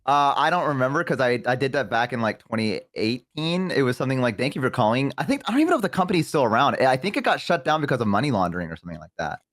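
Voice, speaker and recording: A Southern US streamer in his twenties tells stories in casual chat, acting out what people said. He's animated and self-deprecating, talking rapid-fire with few pauses in a medium-pitched voice recorded with no echo.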